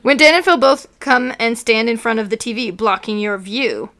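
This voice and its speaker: Young female podcast co-host, a touch high-voiced, reads fanfic aloud, mocks it as she goes. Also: moderate pace, a bit bright. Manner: reads with mocking asides, often laughing.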